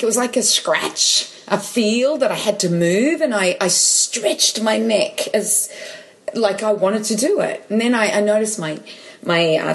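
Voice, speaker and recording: A woman chatting and telling a personal story, full of restarts and quoted dialogue. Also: medium pitch. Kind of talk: casual chat, personal story.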